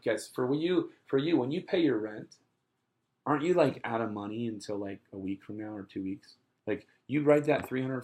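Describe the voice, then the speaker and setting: A young adult man giving a casual sales training talk, chatty and full of fillers, acting out little customer dialogues. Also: medium pitch.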